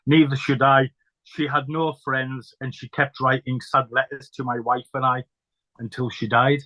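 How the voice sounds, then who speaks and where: A man's voice: medium pitch, flat delivery, normal speed, sharp tone, no room sound, rough recording. A man hosting a casual chat, chatty and jokey. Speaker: podcast host.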